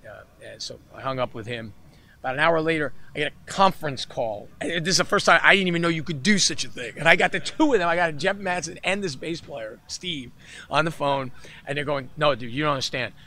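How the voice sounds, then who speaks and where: A bright, forceful man tells a long story in a casual interview, slipping into the voices of the people he talks about. His voice sits a little high for a man, and he tells it with quick energy. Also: a little hiss or hum. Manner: animated storyteller who acts out other people's voices. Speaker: musician guest. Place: festival interview setting.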